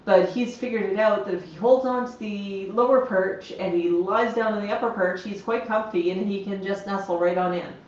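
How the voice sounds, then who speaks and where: A woman's voice: mid-range voice, moderate pace, few pauses, darkish tone. A woman hosting a casual livestream, chatting about her pet parrots and explaining their habits while she talks to the birds. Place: home room with parrots. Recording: echoey, slightly dull lo-fi sound.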